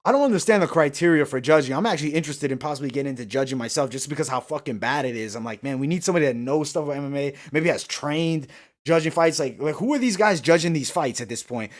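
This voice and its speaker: A man hosting a live fight-night stream, chatting with viewers and ranting heatedly about the judging, with lots of swearing. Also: a little high. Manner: reads and answers viewer comments. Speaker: livestream host. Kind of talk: live fight commentary chat.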